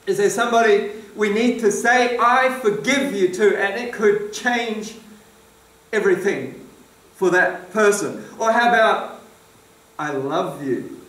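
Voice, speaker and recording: A man's voice: high-pitched, unhurried, a bit bright. A man preaching a sermon in a church hall, emphatic and questioning his congregation. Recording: roomy echo, distant mic.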